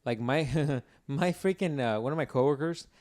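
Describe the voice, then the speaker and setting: A man's voice: mid-range voice, moderate pace. A man co-hosting a podcast, chatting casually and telling rambling, profane stories with lots of fillers. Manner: rambling, profane, animated storytelling. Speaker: podcast co-host.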